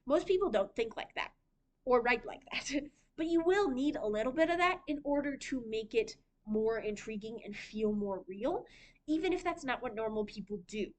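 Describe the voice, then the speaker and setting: A young woman with a high voice talks about writing in a library workshop. She is chatty and giggly and fills gaps with ums. It sounds like a casual class. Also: expressive, moderate pace. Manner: chatty, giggly, lots of fillers. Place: library room.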